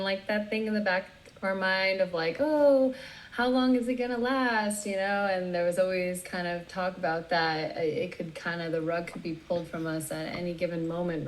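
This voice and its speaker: A woman DJ as a guest in a casual interview, talking in a relaxed, rambling way. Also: fairly low pitch, rough recording. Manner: relaxed, rambling, lots of you knows and likes.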